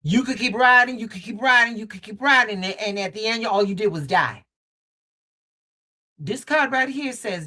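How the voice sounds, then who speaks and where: A woman's voice: on the high side, normal speed, pushed and bright. A woman giving a live tarot card reading, calling the viewer baby and repeating her phrases for emphasis. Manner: affectionate, calls viewer baby and mama. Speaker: tarot reader. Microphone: basic streaming setup.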